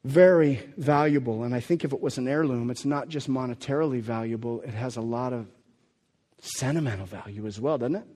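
A man's voice: medium pitch, a little fast, dark tone, big-room sound. A man preaching a sermon in a conversational way, asking rhetorical questions and restarting his sentences. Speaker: pastor.

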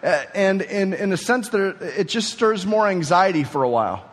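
A man's voice: high-pitched, lively intonation, normal speed. A man preaching a sermon, teaching through a passage and building to emphatic peaks. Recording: reverberant hall.

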